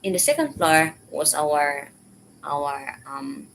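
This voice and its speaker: A woman casually telling a personal story in halting, repetitive English. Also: low-pitched, very animated, gravelly, a bit bright, slight background noise, poor audio. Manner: halting, repeats words, simple learner English.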